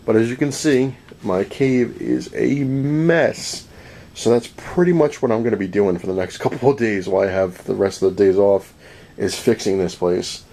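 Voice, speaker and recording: A man casually telling a long story about a comic convention, animated and rambling, often acting out what people said to him, with laughs along the way. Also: mid-range voice. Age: adult, married. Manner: rambling, animated retelling with many "he's like" quotes and laughs. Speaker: comic collector vlogger. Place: home room full of comic collectibles.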